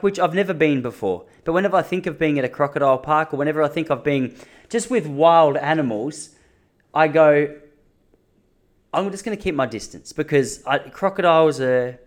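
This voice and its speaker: An Australian man with a slightly higher-than-usual voice speaks casually to camera. He rambles, circles back and jokes at his own expense, with the relaxed ease of a vlogger at home. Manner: joking, rambling, self-mocking. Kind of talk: casual spoken vlog. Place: apartment lounge room.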